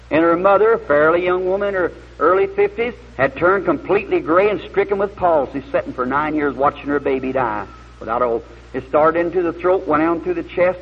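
A man's voice: a little high, gravelly, breathy edge. A man preaching a sermon, telling a story in a folksy, plain-spoken way and building to earnest emphasis. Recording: muffled lo-fi old recording.

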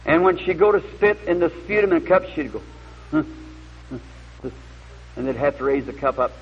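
A man's voice: fairly high pitch, lively intonation, fast talker, vocal fry, slightly rough. A man preaching a sermon, telling a story in a folksy, plain-spoken way and building to earnest emphasis. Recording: muffled lo-fi old recording.

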